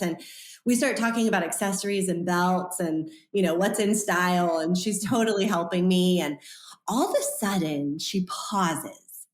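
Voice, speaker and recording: A woman in her thirties, an author and podcast guest, telling a personal story in a lively way and acting out the voices of the people in it. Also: lowish voice, moderate pace, roomy sound. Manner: animated, acts out quoted voices.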